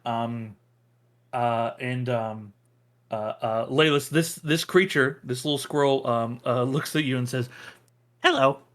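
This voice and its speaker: A young man runs a tabletop game, describing the scene in an unhurried, halting way. His voice sits at an ordinary pitch, and ums and likes crowd his sentences. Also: steady tone. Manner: hesitant, full of ums and likes. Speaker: game master.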